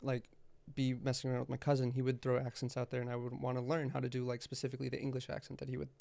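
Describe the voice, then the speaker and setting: A man chatting as a podcast guest, laid-back and hesitant, filling pauses with ums and short laughs. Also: mid-range voice, completely flat delivery, creaky, warm tone, no echo. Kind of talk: casual podcast chat.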